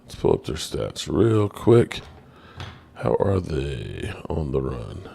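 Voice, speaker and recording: A gravelly, dark-toned man hosts a relaxed sports live stream, slowly reading chat messages in a sing-song, self-mocking manner. His pitch leaps when he's exasperated, and there's a little hiss or hum in the background.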